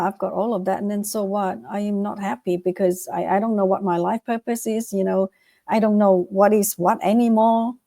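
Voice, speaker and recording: A middle-aged woman from Vietnam, a guest author and life coach, answering interview questions with animated, repeated motivational advice and acted-out quotes. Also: medium pitch, dry recording, studio quality. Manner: animated, acts out quoted voices, repeats phrases for emphasis.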